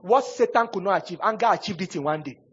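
A man preaches with emphatic repetition. His voice sits high and husky, and his bursts swing from hushed pleading to loud exhortation. The recording is dull and lo-fi. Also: lively intonation, fast. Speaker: pastor. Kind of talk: sermon.

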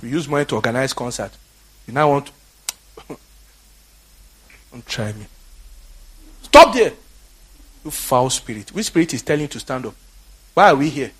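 A Nigerian man preaching a fiery, exhorting sermon that swings from quiet talk to shouting. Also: medium pitch, brisk, long pauses, breathy edge. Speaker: pastor.

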